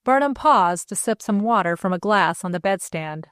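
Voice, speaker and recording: A woman reads a novel aloud at a mid pitch, telling the story evenly and clearly. Her voice sounds close and dry, with no room around it. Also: expressive, normal speed, a bit bright, no room sound. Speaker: audiobook narrator. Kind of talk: scripted narration.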